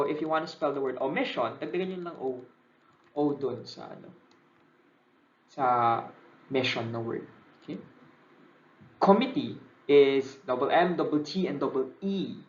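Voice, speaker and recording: Filipino guy teaching a review class, a bit high voice, keeps asking okay?, roomy lo-fi recording. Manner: Taglish code-switching, frequent "okay?" checks. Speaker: civil service exam reviewer. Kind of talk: recorded lecture. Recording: echoey room, dull lo-fi sound.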